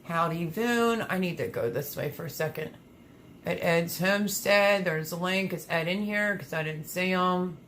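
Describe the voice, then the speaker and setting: A woman's voice: on the low side, moderate pace, fairly bright tone, a little hiss or hum. A woman hosting a casual gardening livestream, chatting and reading viewer comments aloud with lots of fillers. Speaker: livestream host reading chat.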